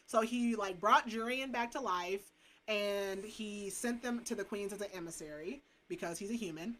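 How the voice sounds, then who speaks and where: A woman's voice: medium pitch, normal speed. Chatty young woman recapping a book. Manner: animated, full of "like" and "um". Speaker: podcast co-host. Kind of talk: casual book recap chat.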